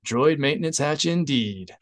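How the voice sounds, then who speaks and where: A man voicing a sardonic male rebel fighter who shouts sarcastic lines over a battle. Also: medium pitch, normal speed, close to an everyday voice.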